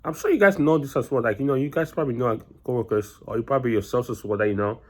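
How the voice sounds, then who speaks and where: Vlogger type: a quick-talking man, rambling, blunt, exasperated. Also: medium pitch, darkish tone. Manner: rambling, repeats himself with many "you know"s. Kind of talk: casual monologue.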